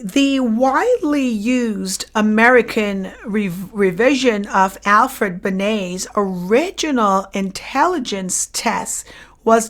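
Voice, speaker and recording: A woman psychology lecturer takes her students through exam review at an unhurried pace. Her voice sits a little high, and she says every answer twice. She keeps checking in with "right?" and "okay?" as she goes. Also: a bit bright. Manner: slow, repeats each question and answer, checks in with "okay?" and "right?".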